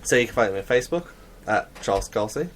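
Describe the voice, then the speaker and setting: A man's voice: mid-range voice, animated, quick pace, fairly bright tone, a little hiss or hum. Brash swearing man. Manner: swearing, brash trash talk. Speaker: wrestler and podcast guest. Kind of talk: casual banter.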